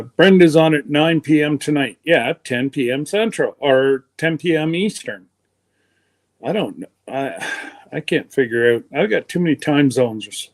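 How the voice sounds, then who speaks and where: Male livestream host, congested, unhurried, rambling chat with a lively, rising and falling voice. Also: a little high. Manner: rambling, chatty, teasing. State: congested from pneumonia. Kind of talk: casual chat.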